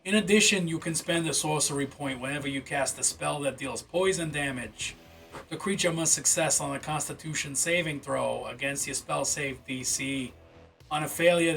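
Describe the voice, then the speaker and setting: A man livestreams in a casual, offhand way, reading game rules out loud and breaking off to react with loose, sometimes profane asides. His voice sits a little high and sounds bright and forceful. Faint music plays behind him. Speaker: streamer.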